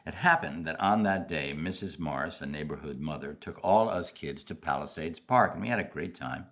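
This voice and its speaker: An older man from New York City giving a commencement speech as an animated storyteller, swinging from loud highs to soft asides. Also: normal speed, few pauses. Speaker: commencement speaker.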